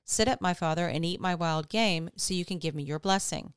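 A woman's voice: lowish voice, brisk, clear, resonant tone, no room sound, clean studio sound, lightly acted. A woman reading the lines of a desperate elder son who pleads with his father.

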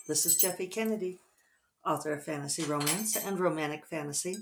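A middle-aged woman author talking casually over morning coffee, reflective and rambling with soft fillers. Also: sits low, fairly quick, noisy background.

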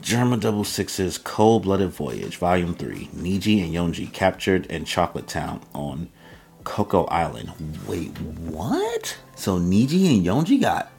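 A man's voice: sits low, wildly swooping pitch, a little slow, gravelly, a little mellow, breathy edge, faint music behind. A man hosting a manga reaction video, reading panels aloud with loose, slangy asides. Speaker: manga reaction channel host. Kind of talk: casual reaction and read-aloud.

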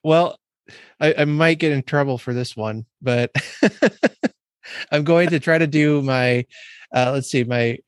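A man's voice: medium pitch, clear, resonant tone, dry recording, clean studio sound. A man who is a podcast guest, speaking hesitantly and poking fun at himself. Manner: slow, hesitant, self-deprecating. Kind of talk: casual chat.

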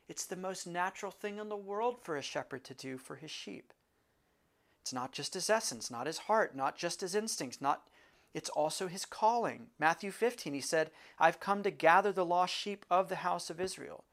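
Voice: medium pitch, a bit bright. A pastor, preaching a sermon in an earnest, conversational way and repeating key phrases for emphasis.

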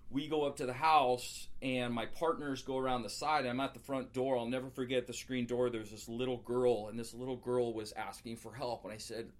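A man telling his own story as an interview guest, earnest and halting, with frequent restarts. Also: medium pitch, level tone. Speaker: guest, former police officer. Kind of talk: personal storytelling.

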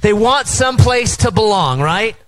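High-voiced pastor preaching to a crowd. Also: male voice, expressive, unhurried, fairly bright tone, rough recording. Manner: engaging the crowd, call-and-response. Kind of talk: sermon. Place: outdoor tent service.

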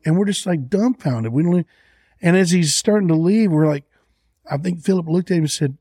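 A middle-aged man, a songwriter telling an animated anecdote in a podcast interview and acting out the voices of the people in it. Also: on the high side, quick pace, no echo, clean studio sound. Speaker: songwriter guest.

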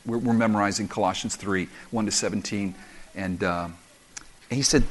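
Lively, animated middle-aged male pastor. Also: medium pitch, brisk. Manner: animated and conversational, with humor and self-deprecating stories. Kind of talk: sermon.

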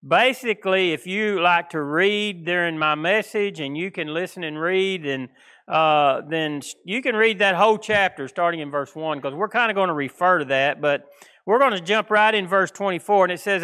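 A male pastor with a country East Texas accent, his voice pitched high and ringing with a bright, forceful edge. He preaches loosely and conversationally, wandering through homespun stories and country phrasing. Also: lively intonation, normal speed, clear, resonant tone. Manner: folksy, rambling, plainspoken with country phrasing. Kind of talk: informal sermon.

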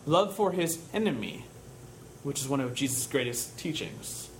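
A man's voice: medium pitch, very animated, moderate pace, a little hiss or hum. A man preaching a sermon in a conversational way, telling stories and asking rhetorical questions.

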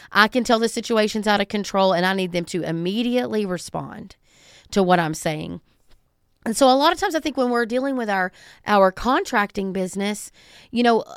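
A woman's voice: medium pitch, a bit bright, clear, resonant tone, no room sound, studio quality. A middle-aged woman from the States, hosting a solo podcast in a conversational, emphatic way. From Southern United States. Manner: conversational, emphatic, acts out callers. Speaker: podcast host.

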